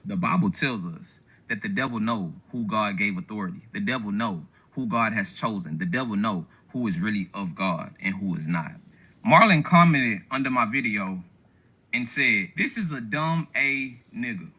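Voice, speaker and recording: A man with a bright, tense voice and a raspy edge. He lectures in a preachy, scripture-quoting tone, confronting someone directly. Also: lowish voice, animated, moderate pace. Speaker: online commentator. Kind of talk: preachy reproof.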